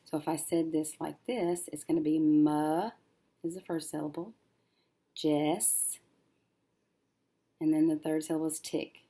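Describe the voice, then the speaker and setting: Woman, teacher, low gravelly voice, slow, sounding out syllables, working at a desk. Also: steady tone, warm tone. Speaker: reading teacher. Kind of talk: recorded syllable-division lesson.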